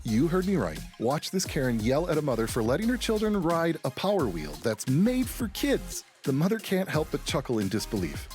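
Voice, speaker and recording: A man narrates a clip compilation in a scripted, mocking tone. His pitch moves up and down a lot as he reacts to each clip. Faint music plays under his voice. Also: darkish tone. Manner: mocking, exasperated. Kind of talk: scripted commentary.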